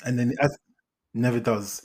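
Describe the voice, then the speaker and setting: Man, husky voice, animated, exasperated, stumbling restarts, casual podcast chat. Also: medium pitch, normal speed. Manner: animated, exasperated, laughing retelling with many restarts. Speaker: podcast host, film reviewer. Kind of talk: casual film review chat.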